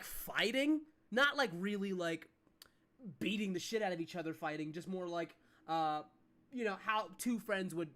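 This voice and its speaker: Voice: medium pitch, a bit bright. Rambling, filler-heavy game master. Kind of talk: narrating a tabletop game.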